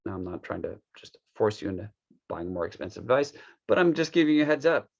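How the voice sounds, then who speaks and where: A man with a fairly low, gravelly voice talks loosely through a wellness gadget walkthrough. He fills the gaps with "um"s and restarts, as if he is making it up as he goes. The recording sounds somewhat dull and lo-fi. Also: sing-song, fast. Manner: rambling, loose, with many fillers and restarts. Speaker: wellness device demonstrator. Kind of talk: casual unscripted product walkthrough.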